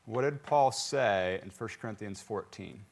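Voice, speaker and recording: A gravelly, lowish voice at a measured pace marks this South Carolina–raised pastor's sermon in the church sanctuary. He's lively and humorous, quizzing the congregation with jokes.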